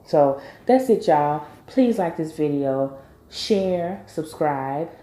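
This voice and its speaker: A woman's voice: deep voice, lively intonation, slow, dark tone. A woman recapping a TV episode in a casual, emphatic vlog style, bluntly scolding the characters as she goes. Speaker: TV recap vlogger. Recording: echoey room.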